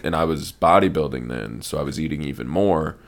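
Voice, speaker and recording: A man with a very low, deep voice chats on a podcast. He talks loosely and rambles, and he swears freely as he explains things to a friend. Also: fairly quick. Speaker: podcast host. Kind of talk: casual chat.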